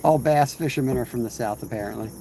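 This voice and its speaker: A man's voice: medium pitch, quick pace, gravelly, mellow. A man hosting a fishing livestream outdoors, rambling casually and answering viewers' chat as he fishes. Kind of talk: casual live-stream chat while fishing. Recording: outdoor insect and cricket noise.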